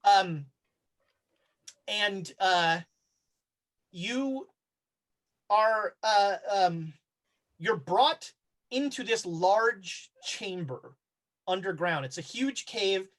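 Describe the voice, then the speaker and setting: A man's voice: sits high, lively intonation, drawn-out words, long pauses, a bit bright. Casual man narrating as game master. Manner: casual narration with many fillers and restarts.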